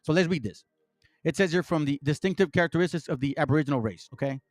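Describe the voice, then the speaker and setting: A man's voice: fairly high pitch, fast talker, a little mellow, soft background music. A man hosting an online commentary, reading passages aloud and reacting in a heated, profane rant full of stumbling restarts. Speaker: channel host.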